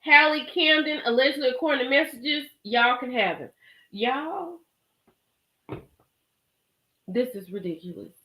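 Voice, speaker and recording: Live-stream host, woman, high and animated, talks to her chat, echoey home room. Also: moderate pace. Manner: animated, talks straight to chat, laughs and exclaims. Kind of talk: casual live-stream commentary.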